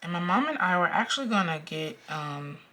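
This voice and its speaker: A woman's voice: on the low side, lively intonation, fairly quick, bright, forceful tone. A young woman talking casually through her budget as a vlogger, counting out amounts aloud with frequent ums. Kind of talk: casual talk-through while cash stuffing.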